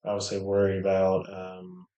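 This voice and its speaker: A man casually commenting on his own online poker game, thinking aloud with many hesitations and low mutters. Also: sing-song, normal speed, vocal fry, warm tone, reverberant, muffled recording. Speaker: poker streamer.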